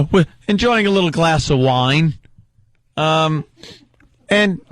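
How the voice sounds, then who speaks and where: A man's voice: low voice, no room sound. A man hosting a radio talk show, telling a story in casual banter and acting out other people's lines.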